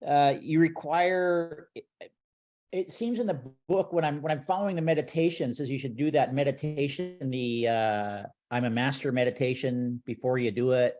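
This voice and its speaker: A man's voice: medium pitch, normal speed, darkish tone. A man taking part in a music webinar, asking an eager question with many restarts. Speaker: webinar participant.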